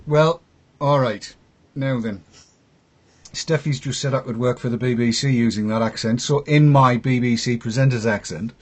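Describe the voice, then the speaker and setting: A man's voice: mid-range voice, moderate pace. A man hosting a casual online chat show, talking in a jokey, self-deprecating way. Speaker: host.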